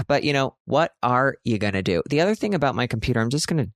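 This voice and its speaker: A man's voice: medium pitch, lively intonation, fast talker, dry recording, studio quality. A man in his thirties hosting a casual, rambling monologue, chatty and self-mocking, full of "like" fillers. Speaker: podcast host.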